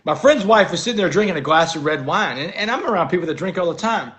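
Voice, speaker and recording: Earnest man telling a story, higher voice. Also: animated, fast, a bit bright. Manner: earnest, keeps saying "man". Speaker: interview guest. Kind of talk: personal storytelling in a conversation.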